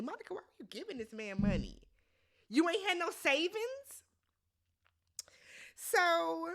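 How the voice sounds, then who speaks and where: Bright, animated woman recapping reality TV. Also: high-pitched. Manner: animated and emphatic, blunt and profane, quick to mimic others. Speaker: reality show recap host. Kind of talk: casual recap commentary.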